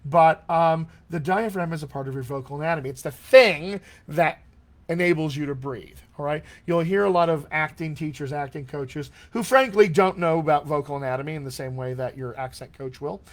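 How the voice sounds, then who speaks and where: A man coaching accents in a live-streamed Q&A, chatty and enthusiastic, often clearing his throat from allergies. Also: fairly high pitch, fairly quick. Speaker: dialect coach.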